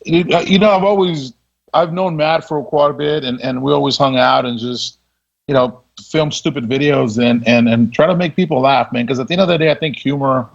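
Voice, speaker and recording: A podcast guest with a mid-range, brisk voice and some vocal fry tells stories in a laid-back, casual way, laughing as he goes. The audio is dull and lo-fi.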